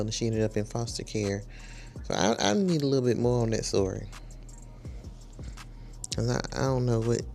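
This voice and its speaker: A woman's voice: rumbling low, a little mellow. Chatty woman recapping reality TV. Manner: chatty, slangy, scolds the people on the show. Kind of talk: casual recap commentary.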